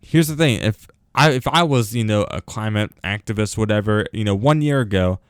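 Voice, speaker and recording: A man's voice: on the low side, moderate pace, clean tone, no echo, clean studio sound. A teenage boy hosting his own show, ranting casually with lots of fillers and sarcasm. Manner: rambling, filler-heavy, sarcastic. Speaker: host. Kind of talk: casual rant vlog.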